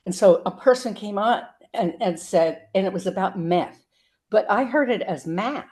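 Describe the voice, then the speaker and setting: An older woman comedian telling a story in an interview, halting with ums and restarts. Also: mid-range voice, darkish tone. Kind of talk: casual interview chat.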